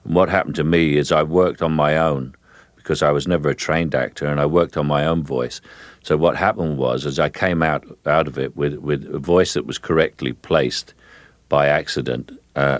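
An older man with a London Cockney-rooted accent, talking through a radio interview in an unhurried, halting way with many fillers. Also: rumbling low, fairly even intonation, no echo. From England. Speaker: guest, film actor.

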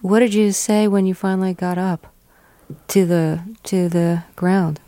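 A man's voice: high voice, steady tone, a little slow, dark tone, clear, resonant tone, no room sound. A man interviewing a guest, asking brief prompting questions.

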